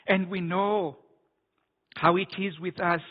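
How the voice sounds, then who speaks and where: A man preaches with emphasis, often repeating words and restarting phrases. His voice sits high for a man, and he speaks slowly. The sound is narrow and tinny, as if heard over a phone line. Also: fairly even intonation. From South Africa. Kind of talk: sermon.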